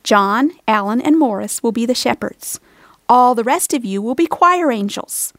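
Lady doing a kind gentle teacher lady, soft and reassuring, dry close sound. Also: fairly high pitch, expressive, normal speed, no echo. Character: kind, gentle woman schoolteacher, caring and prayerful. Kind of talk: storybook reading.

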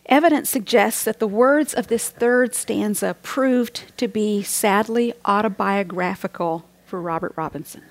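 A woman's voice: medium pitch, measured pace, few pauses, dry recording. A middle-aged woman giving a devotional sermon as a Bible teacher, earnest and reflective, sometimes dropping to a near whisper.

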